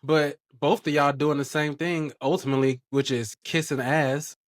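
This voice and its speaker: A man's voice: fairly high pitch, steady tone, moderate pace. A man co-hosting a recap show in a laid-back, casual way, quoting the cast as he talks. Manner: laid-back, many fillers, quotes the cast. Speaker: podcast co-host.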